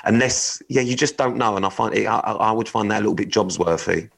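Male podcast co-host, lower voice, cheeky and sweary, reads odd news to his co-host. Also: quick pace, gravelly, breathy edge, rough recording. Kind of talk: casual podcast chat.

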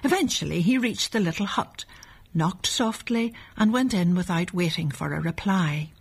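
Breathy woman reading a storybook aloud. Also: lowish voice, normal speed. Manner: gentle, lively voices for each character.

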